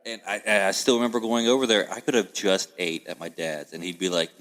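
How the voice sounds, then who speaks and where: A man with a deep, low-pitched voice hosts a relaxed podcast conversation. He tells stories with energy and slips into the voices of the people in them. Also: a little fast, hardly any pauses. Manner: animated storyteller, acts out family voices. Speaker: podcast host. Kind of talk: casual chat.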